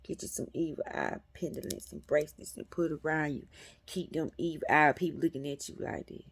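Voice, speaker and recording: A woman's voice: deep voice, fairly even intonation, fairly quick, breathy edge. A woman hosting a metaphysics channel, giving a casual, colloquial spiritual talk and calling her viewers y'all.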